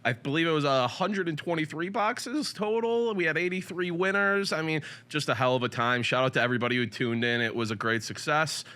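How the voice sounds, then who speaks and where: Upbeat man with a bright voice. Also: fairly high pitch, a little fast, hardly any pauses. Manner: upbeat, enthusiastic, giving shout-outs. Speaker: co-host. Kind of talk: casual chat.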